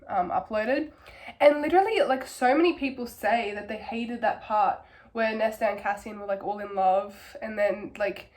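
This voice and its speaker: A hoarse young woman with a cold, rambling enthusiastically through a casual book review and filling her talk with "like". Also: mid-range voice. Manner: rambling, filler-heavy, enthusiastic.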